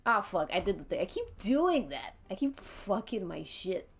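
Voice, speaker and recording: A woman's voice: mid-range voice, big pitch swings, moderate pace, slightly rough. A woman streamer telling an interactive story to her chat, giggling often and breaking off to laugh and restart.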